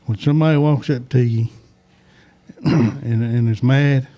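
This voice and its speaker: Mellow man joking. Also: medium pitch, measured pace. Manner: joking, laughs a lot. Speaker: podcast co-host. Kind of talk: casual chat, humorous anecdote.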